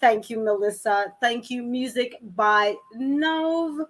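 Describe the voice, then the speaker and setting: A woman's voice: a little high, slow, slight background noise. A woman guest on a live talk show, stammering and giggling as she brushes off compliments with self-deprecating humor. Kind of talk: casual live-stream chat.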